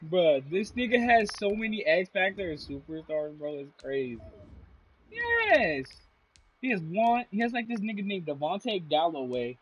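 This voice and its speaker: A man's voice: high-pitched, expressive, fairly quick, hardly any pauses, slightly rough. A man streaming a console game live, chatting casually with blunt, profane, exasperated trash talk.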